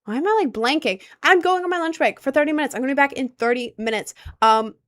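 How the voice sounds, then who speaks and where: A young adult woman livestreaming in a casual, rambling chat, giving frank and animated advice with many fillers. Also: high voice, fast, no echo, studio quality. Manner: chatty and rambling, heavy on filler words.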